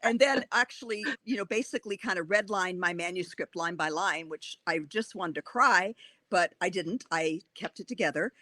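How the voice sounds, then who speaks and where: A woman author, a guest on an interview, telling a lively anecdote with lots of animated back-and-forth. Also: fairly low pitch, normal speed, no room sound. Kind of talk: casual storytelling interview.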